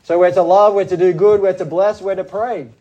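A pastor with an Australian accent, delivering a sermon in a measured, deliberate way and stressing his points. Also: high voice, steady tone, mellow, dull audio.

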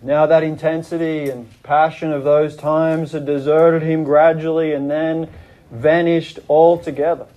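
Here a pastor's delivery is flat and measured, his voice mellow, over poor audio. He earnestly dramatizes a story in his sermon, letting his voice fall low and lift during quoted prayers.

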